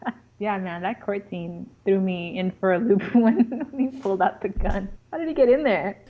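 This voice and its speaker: Expressive young woman, muffled sound. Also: mid-range voice, normal speed. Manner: expressive, laughs, dramatic reactions. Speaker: podcast co-host. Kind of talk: casual chat reviewing a movie.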